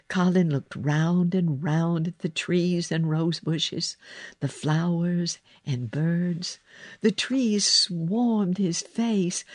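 Slow low-voiced woman reading a storybook. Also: darkish tone, dry recording. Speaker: narrator. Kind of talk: storybook narration.

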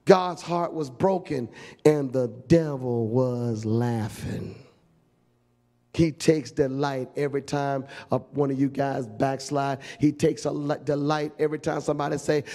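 Fervent, gravelly male preacher. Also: mid-range voice, slow pace, mellow. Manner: fervent, emphatic, storytelling. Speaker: pastor. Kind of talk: sermon.

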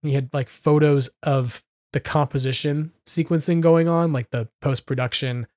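A man co-hosting a casual podcast chat, rambling and animated with lots of fillers. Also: fairly high pitch, moderate pace, no echo, studio quality. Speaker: podcast co-host.

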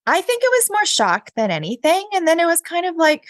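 A woman, a podcast guest, recounting a personal story in a chatty, animated way with many fillers and laughs. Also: high voice, normal speed, hardly any pauses, dry recording. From Canada. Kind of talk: casual interview storytelling.

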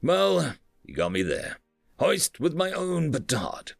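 A man's voice: a little high, sing-song, slow pace, creaky, dry recording, studio quality, soft background music, voice pushed up, exaggerated voice. Man doing a wry, chatty alien voice.

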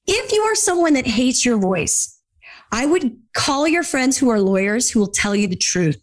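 A woman hosts a live question-and-answer session as a podcaster and speaking coach. Her voice sits a little high, and her delivery is upbeat, blunt and jokey, with a casual swear here and there. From Orange County, California. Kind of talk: lively live Q&A chat.

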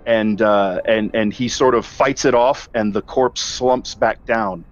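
A man's voice: on the low side, fairly even intonation, a little slow. Give me a man game master narrating a tabletop game in vivid detail, slightly hesitant, over faint background music. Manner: vivid descriptive storytelling with small hesitations. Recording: dull lo-fi audio, faint music.

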